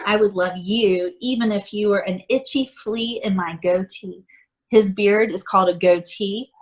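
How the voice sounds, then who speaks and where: A woman reading a picture book aloud to children, chatty and animated, often laughing. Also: medium pitch, normal speed, low-quality recording. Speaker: storybook reader.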